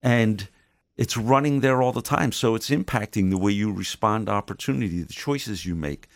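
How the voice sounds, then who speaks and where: A man with a low, gravelly voice speaks as a guest on a Christian radio program. He explains ideas earnestly and teaches through stories. The studio sound is dry and close. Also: moderate pace, no room sound.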